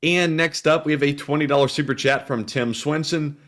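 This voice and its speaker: A man's voice: a little high, moderate pace, fairly bright tone. A man co-hosting a livestream, reading donor messages aloud in an easygoing, chuckling way. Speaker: livestream co-host reading donations.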